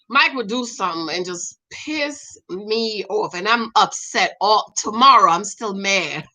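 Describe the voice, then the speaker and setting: A middle-aged woman hosting a casual show where she reads viewer comments aloud, animated and laughing often as she talks straight to her audience. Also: mid-range voice, unhurried. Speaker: show recap host reading viewer comments. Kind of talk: casual chat.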